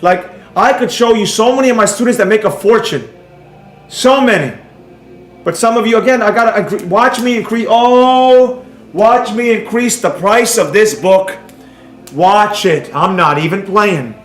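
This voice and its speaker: A man's voice: sits high, moderate pace, reverberant, faint music behind. A man teaching a trading class on a livestream, ranting and teasing a viewer in the chat, sometimes switching to a mock-soothing tone. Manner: mocking, animated, mock-soothing at times. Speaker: trading instructor.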